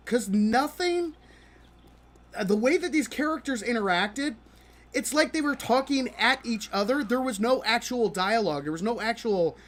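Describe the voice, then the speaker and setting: A man's voice: sits high, animated, fairly bright tone. A man hosting a live stream, talking through a show he disliked while he plays a game. He is exasperated and mocking, laughs often, and stumbles and restarts his sentences a lot. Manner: halting with many restarts. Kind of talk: live-stream reaction commentary while gaming.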